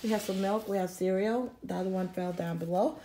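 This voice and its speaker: Give me a woman chatting casually to camera in her kitchen, mid-pitched and rambling, with rustling bags behind her. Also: brisk, background noise. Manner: rambling, many ums, chatty asides. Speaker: vlogger showing a grocery haul. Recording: crinkling bags and clicks behind.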